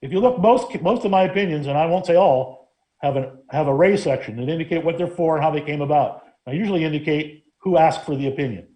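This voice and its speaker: A man's voice: on the high side, quick pace, mellow. A man serving as law director, speaking firmly and defensively in a council meeting debate. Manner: firm, defensive, lawyerly.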